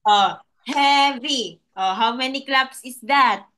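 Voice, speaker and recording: A woman's voice: fairly high pitch, slow pace, bright, forceful tone. A woman tutoring a child in English over a video call, patient and encouraging, laughing often. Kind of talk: one-on-one online lesson for a child.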